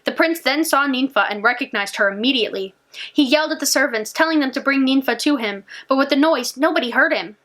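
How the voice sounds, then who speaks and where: A woman library storyteller reading a fairy tale aloud in an animated, expressive way. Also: high voice, brisk.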